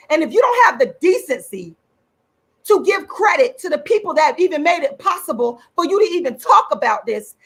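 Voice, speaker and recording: Cursing and circling back to the same points to drive them in, an activist and channel host unleashes a furious livestream rant. Her voice is high and widely swooping, gravelly at the edges, bright, and forceful.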